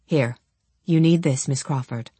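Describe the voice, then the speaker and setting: A man's voice: on the high side, measured pace, slightly rough, no room sound, pitched below the performer's own voice. A woman voicing a cool, polite male security agent of about forty who speaks formally and calls people ma'am. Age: 40s. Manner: calm, formal, says ma'am. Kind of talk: audiobook character voice.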